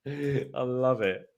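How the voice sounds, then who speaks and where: A man's voice: medium pitch, a little mellow. A man, a guest on a live stream, bantering and joking in casual chat. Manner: jokey, bantering. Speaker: guest builder.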